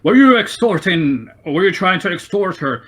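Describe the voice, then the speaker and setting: A self-important older town master with a high, strained voice that rises whenever he gives orders, as a man puts him on. He blusters and fusses, quick to remind everyone who is in charge in this fantasy tabletop game. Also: lively intonation. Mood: questioning. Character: fussy older male town master, pompous and touchy.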